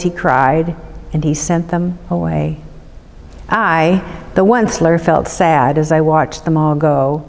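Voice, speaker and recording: A woman, a city councilmember, reading a rhyming children's book aloud for storytime in a measured, rhythmic way. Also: deep voice, steady tone, vocal fry, a little mellow, in a large hall.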